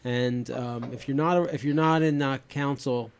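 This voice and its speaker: A man's voice: mid-range voice, fairly even intonation, measured pace, clean tone. Easygoing host in his fifties. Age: 50s. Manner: rambling, many fillers and restarts. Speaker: podcast host. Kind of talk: casual chat.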